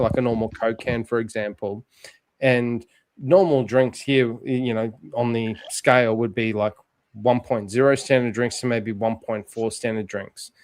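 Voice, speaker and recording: A man's voice: mid-range voice, darkish tone, a little hiss or hum. A man from Australia, a guest chatting casually and rambling through side stories. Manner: rambling storyteller, many fillers and restarts. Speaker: guest streamer. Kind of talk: casual chat.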